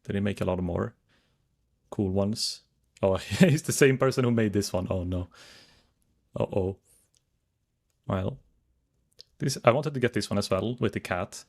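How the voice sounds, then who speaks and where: A man's voice: on the low side, unhurried, vocal fry, pauses often, a little mellow. A man chatting casually to his viewers while streaming a game, rambling as he browses and reads chat.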